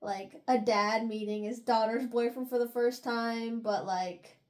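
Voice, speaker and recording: A woman's voice: on the high side, steady tone, a little slow. A young woman casually recapping a novel's chapters, acting out the characters' lines as she retells the plot. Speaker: book review podcast host. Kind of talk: casual book recap chat.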